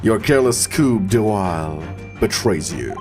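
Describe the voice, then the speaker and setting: A man's voice: fairly low pitch, expressive, pitched below the performer's own voice. Pompous detective guy read by a russian-accented man, drawn out and showy, game music going. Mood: grandiose. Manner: theatrical, drawn-out pronouncements. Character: pompous eccentric male detective, grand and theatrical.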